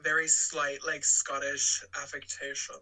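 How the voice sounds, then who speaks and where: A man's voice: mid-range voice, completely flat delivery, unhurried, bright, forceful tone, poor audio. A man co-hosting a podcast, rambling casually about a film with plenty of fillers and laughs. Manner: rambling, lots of "like", laughs often. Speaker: podcast co-host.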